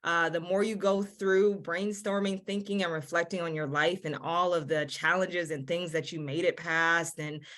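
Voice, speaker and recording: A woman's voice: fairly low pitch, fairly bright tone. A woman admissions counselor giving earnest, encouraging advice on a video-call webinar, often repeating words and using fillers.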